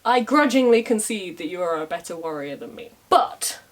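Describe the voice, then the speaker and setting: A woman's voice: lowish voice, animated, normal speed. A woman voicing a boastful male warrior who mocks his rivals in casual modern slang.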